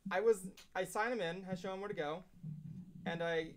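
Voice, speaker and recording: A man telling a long anecdote in casual chat, animated and laughing as he acts out the quotes. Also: high-pitched, moderate pace. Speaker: show regular telling a story.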